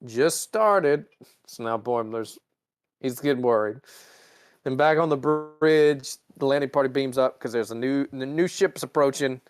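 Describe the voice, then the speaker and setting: A man's voice: medium pitch, moderate pace, clean tone. A man hosting a podcast, animatedly retelling a show's plot in casual chat. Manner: animated storyteller, laughs while telling. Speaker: podcast host. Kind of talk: casual episode recap.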